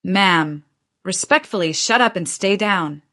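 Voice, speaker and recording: Woman reading tough young janitor, terse, nervous edge, lower voice. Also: lively intonation, unhurried, pushed and bright. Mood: tense.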